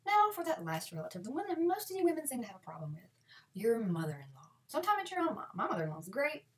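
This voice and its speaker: A woman, giving sarcastic comic advice in a lively way. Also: a little high, quick pace, recorded from a distance. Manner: sarcastic, lively, switches into mock voices. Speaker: comedy vlogger.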